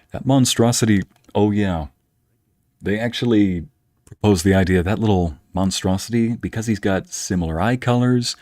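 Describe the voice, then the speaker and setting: A man's voice: lowish voice, a little mellow, no room sound, clean studio sound. A man streaming a video game, chatting easily as casual game commentary. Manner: chatty and easygoing.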